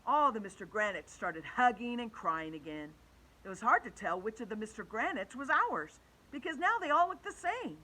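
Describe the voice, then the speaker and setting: A woman reads a children's storybook aloud with an animated, sing-song delivery that rises and falls a lot. Her tone is bright and clear. She shifts her voice for each character. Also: on the high side, normal speed, poor audio. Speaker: children's book reader.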